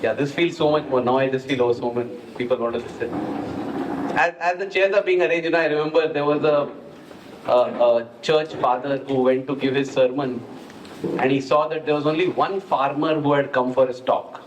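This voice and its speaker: A man's voice: mid-range voice, brisk, background noise. A man with an Indian English accent telling stories at a spiritual retreat and acting out each person's lines. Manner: animated, acts out dialogue in anecdotes. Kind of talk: storytelling talk. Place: hall at a retreat.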